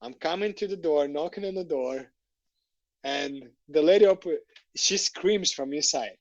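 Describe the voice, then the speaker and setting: A man, a podcast guest, telling stories in a casual, animated way, laughing and swearing freely. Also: fairly high pitch, unhurried, no echo, poor audio. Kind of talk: casual storytelling. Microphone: podcast microphone.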